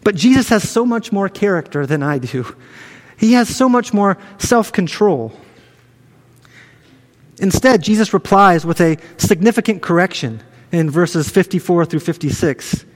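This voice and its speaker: Male pastor, high voice, earnest conversational sermon delivery, recorded in a reverberant hall. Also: lively intonation, measured pace. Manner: earnest, conversational preaching with frequent restarts.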